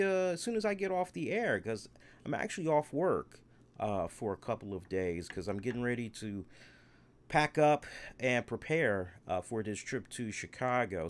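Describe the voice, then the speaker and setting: Animated man rambling through a wrestling review. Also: fairly low pitch. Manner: animated, rambling, repeats phrases. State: tipsy after one beer, hiccuping. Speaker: wrestling show host. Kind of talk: live solo aftershow review.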